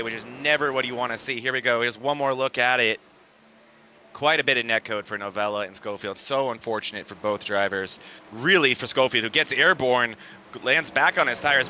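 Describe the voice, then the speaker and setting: A man calling a sim racing broadcast in play-by-play, with energetic, excitable calls. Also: medium pitch, a little hiss or hum. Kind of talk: play-by-play commentary.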